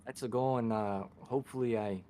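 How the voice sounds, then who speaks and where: A man's voice: medium pitch, steady tone, fairly quick, mellow, slight background noise. A young man being interviewed after a sim race, easygoing and grateful, joking lightly.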